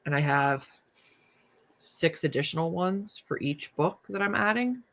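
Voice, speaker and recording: A woman's voice: sits low, lively intonation, a little slow, a bit bright. A young woman hosting a casual writing livestream, chatting and reading viewer comments aloud. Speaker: livestream host.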